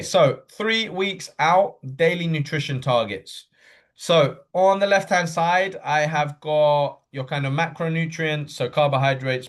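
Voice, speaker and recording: A man coaching runners in a live online session, talking quickly and casually with fillers and frequent okays. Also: fairly high pitch. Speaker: running coach. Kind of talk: live online workshop talk.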